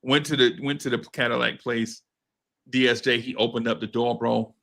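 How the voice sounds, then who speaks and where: A man's voice: medium pitch, moderate pace, creaky. A man hosting a podcast, telling a story in casual, slangy chat and acting out what people said. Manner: animated, slangy, swears, acts out quotes. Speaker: podcast host.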